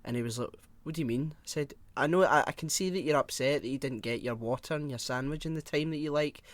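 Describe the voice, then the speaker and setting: British man, young, podcast co-host, fairly high voice, dry close sound, animated, sweary storytelling. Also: fast talker, no echo. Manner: animated storyteller, acts out quarrels, swears freely. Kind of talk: casual chat, anecdote telling.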